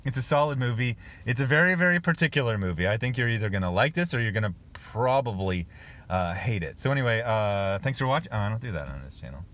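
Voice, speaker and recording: A man chatting through a film review in a plain, mid-pitched voice. He rambles, stacks up fillers and restarts, and breaks into little chuckles along the way, which makes it sound unscripted and relaxed. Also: fast. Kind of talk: casual film review vlog.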